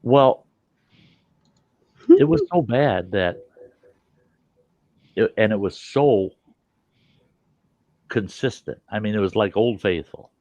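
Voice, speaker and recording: A man's voice: lowish voice, lively intonation, slow, pauses often, mellow, no room sound. A man hosting a casual show and telling rambling, swearing anecdotes. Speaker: host. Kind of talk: casual storytelling. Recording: dull lo-fi dry sound.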